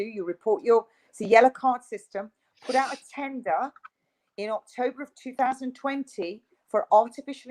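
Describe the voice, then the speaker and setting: Une femme à l'britannique, à la voix plutôt aiguë, invitée d'une interview, au ton insistant et véhément. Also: female voice, fairly high pitch, poor audio. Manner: emphatic and insistent, ranting. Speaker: interview guest. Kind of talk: video interview.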